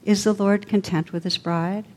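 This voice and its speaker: A woman reading aloud, voicing a gentle, wise enchanted young noblewoman in a low, soft voice, with a long hall reverb. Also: fairly even intonation, normal speed, natural voice.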